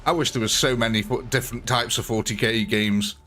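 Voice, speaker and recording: A man's voice: mid-range voice, fairly even intonation, brisk, bright, forceful tone, soft background music. Chatty male game streamer. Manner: chatty, thanks viewers often. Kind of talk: live stream gameplay commentary.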